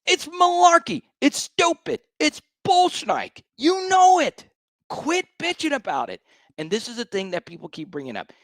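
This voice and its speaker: A man ranting, lively emphatic delivery. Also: extremely high pitch, normal speed, no room sound. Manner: emphatic, exasperated, repeats himself for emphasis. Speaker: sports show host. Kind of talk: ranting sports commentary.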